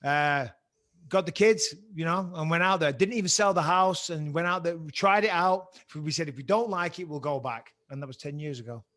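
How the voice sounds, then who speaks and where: An English man with a slight American twang tells stories on a podcast, his voice sitting a little high for a man. He swears casually and acts out both sides of every exchange, getting louder as he goes. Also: normal speed. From England. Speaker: podcast guest, former fighter. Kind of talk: casual chat, animated storytelling.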